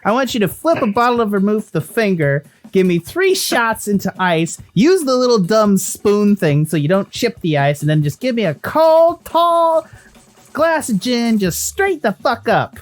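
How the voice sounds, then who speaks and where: A man voicing a foul-mouthed, hard-drinking female casino patron in a tabletop game, gruff and blunt. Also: high-pitched, very animated, normal speed, faint music behind, pitched above the performer's own voice. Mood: demanding.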